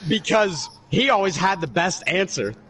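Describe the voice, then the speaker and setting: A man's voice: high-pitched, sing-song, normal speed, fairly bright tone, slight background noise. Rowdy young man telling stories. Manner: rowdy storyteller, heavy swearing. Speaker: stream co-host. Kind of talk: casual gaming stream chat.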